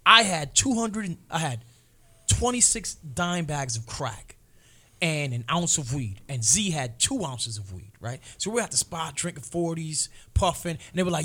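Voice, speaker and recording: A man in his forties telling a story in casual chat, acting out the people in it with loud, mocking voices. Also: on the high side, expressive, moderate pace.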